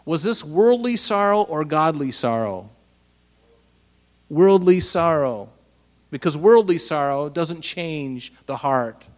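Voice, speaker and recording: A pastor preaching a casual, animated Bible-teaching sermon, asking his listeners rhetorical questions. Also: on the high side, measured pace, few pauses, long reverb tail.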